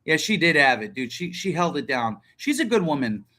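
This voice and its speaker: Male host, 30s, casual stream talker, profane and rambling, bright voice. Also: fairly high pitch, very animated, a little fast. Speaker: livestream host. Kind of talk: casual livestream chat.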